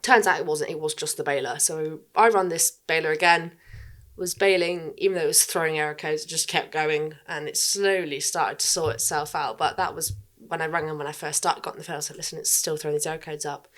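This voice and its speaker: A woman's voice: low-pitched, a little fast, a bit bright. A young woman chatting casually as a podcast guest. She tells her story bluntly, swears freely and acts out what others said. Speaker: podcast guest, farm worker.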